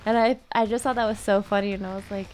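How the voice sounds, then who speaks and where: A woman's voice: mid-range voice, steady tone, fast talker, darkish tone, slight background noise. A woman in casual chat, telling a story and laughing through it. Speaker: co-host, married to the other host.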